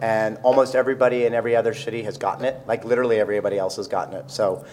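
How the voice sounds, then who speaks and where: A man's voice: fairly low pitch, fairly even intonation, darkish tone, a little hiss or hum. A man speaking as an author at a public reading, chatting casually and joking at his own expense before reading. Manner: self-deprecating, joking, quick asides. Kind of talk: casual talk to a live audience.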